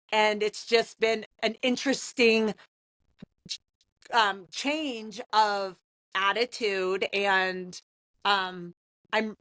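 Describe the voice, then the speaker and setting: Woman, 30s, podcast co-host; chatty, animated storyteller; mid-pitched, dry close mic. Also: dry recording. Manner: animated storytelling, frequent "like" and laughs. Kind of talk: casual podcast chat.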